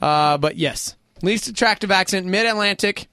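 A man's voice: high-pitched, normal speed, bright, forceful tone, clear, resonant tone, dry recording, studio quality. A middle-aged man hosting a radio show, bantering casually, reading out figures and laughing often. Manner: laughs often, reads out stats. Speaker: radio host.

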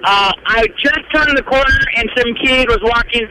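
A man in his thirties calling in to a radio show, excitable, laughing a lot and saying "dude" all the time. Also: very high voice, moderate pace, noisy background. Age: 30s. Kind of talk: casual morning-radio banter.

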